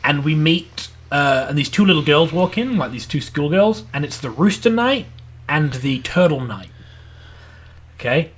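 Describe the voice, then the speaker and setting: Brief: husky, slightly high male co-host, loose chatty recap, quick voices for characters. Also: animated. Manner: rambling plot recap full of "like". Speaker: podcast co-host. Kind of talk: casual anime review chat.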